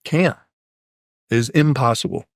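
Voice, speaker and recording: A man's voice: mid-range voice, animated, unhurried, creaky, no echo, studio quality. A man with Polish as his first language, a podcast guest talking casually, a blunt, profane, rambling storyteller.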